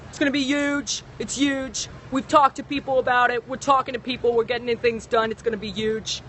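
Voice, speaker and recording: A woman's voice: a little high, little pitch movement, a little fast, fairly bright tone, slight background noise, lightly acted, poor audio. A woman doing an impression of a boastful male politician who repeats bragging catchphrases.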